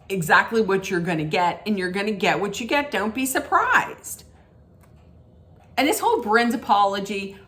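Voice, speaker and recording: Woman host, opinionated reality-show recap rant, emphatic and disapproving, mid-pitched. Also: fairly bright tone. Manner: emphatic, disapproving, with frequent "mm-mm" and restarts.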